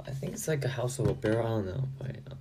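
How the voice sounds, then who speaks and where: A man casually chatting with fans on a livestream, reading out and answering their comments in a relaxed way. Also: lowish voice, racing, background noise. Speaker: livestream host.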